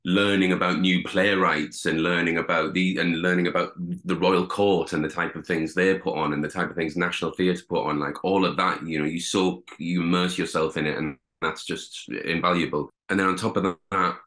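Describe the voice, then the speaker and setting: A man's voice: low voice, fairly even intonation, moderate pace, hardly any pauses, a bit bright. A young man from Durham with a northern English accent, chatting as an interview guest in a rambling way with lots of fillers and restarts. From Durham, England. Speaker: guest actor. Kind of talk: casual interview.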